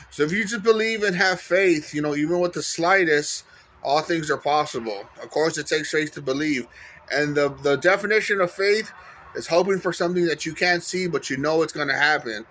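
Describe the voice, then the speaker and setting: Earnest, fairly high-voiced man vlogging. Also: fairly bright tone. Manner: earnest and encouraging, with fillers and self-corrections. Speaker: faith vlogger. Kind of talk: casual testimony.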